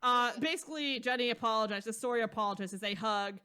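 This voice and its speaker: Woman, podcast co-host, casual recap, rambling, slangy, swears a lot, laughs easily, slightly high voice. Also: a little fast, pushed and bright, clean tone. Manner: rambling and slangy, with frequent profanity; laughs often while telling the story. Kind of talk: casual chat recapping a novel.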